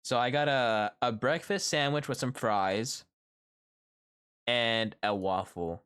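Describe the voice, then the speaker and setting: A middle-aged man streaming live, telling a story about his workday to his chat in a lively, animated way and acting out the people in it. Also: medium pitch, takes it slowly, clean tone. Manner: animated storytelling, acts out quoted coworkers. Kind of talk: casual chat with viewers.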